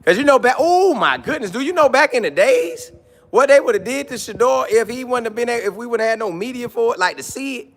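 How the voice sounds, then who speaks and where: Animated high-voiced man riffing on football. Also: fast. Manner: animated, jokey, repeats lines, mock voices. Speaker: sports commentary streamer reading chat. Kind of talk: casual live-stream chat.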